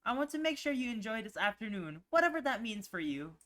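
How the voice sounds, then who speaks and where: A woman voicing a gentle, playful young male furry character from a visual novel, soft and caring with a teasing edge. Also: a little high, sing-song, fast, voice pushed up. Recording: music playing underneath.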